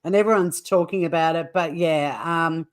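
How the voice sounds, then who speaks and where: A woman's voice: lowish voice, moderate pace. A woman with an Australian accent co-hosting a casual comedic news chat, chatty and swearing freely. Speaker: co-host.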